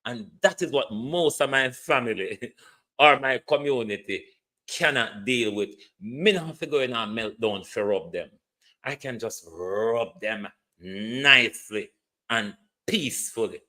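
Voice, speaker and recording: A man's voice: medium pitch, expressive, measured pace, sharp tone. A man with a Jamaican accent hosting an online show, ranting in a blunt, mocking way and tagging his points with a questioning "hmm?". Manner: mocking, blunt, with frequent rhetorical "hmm?" tags. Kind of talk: political commentary rant.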